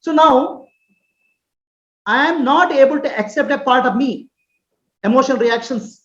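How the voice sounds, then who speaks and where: A woman giving a spiritual teaching, explaining patiently and often pausing to ask whether listeners follow. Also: sits high. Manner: earnest, explanatory, often checks understanding with questions. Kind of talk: spoken teaching on self-acceptance. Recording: roomy, slightly dull recording.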